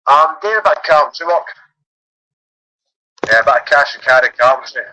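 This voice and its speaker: A man's voice: medium pitch, lively intonation, fairly quick, bright, forceful tone, dry recording. A Glaswegian man calling in to a phone-in show, laid-back and joking. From Glasgow. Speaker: caller. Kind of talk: casual phone-in chat. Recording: dull lo-fi phone call.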